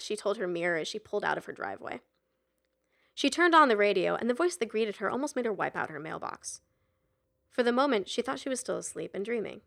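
A woman narrating an audiobook in a measured storytelling manner. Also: mid-range voice, animated, a bit bright. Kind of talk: scripted narration.

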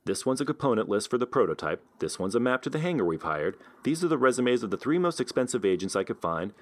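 A man voicing an excitable, blunt male inventor in a read-aloud story, with eager, emphatic delivery. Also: mid-range voice, fast, voice pushed up, close to an everyday voice. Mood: matter-of-fact. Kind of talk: audiobook character voice.

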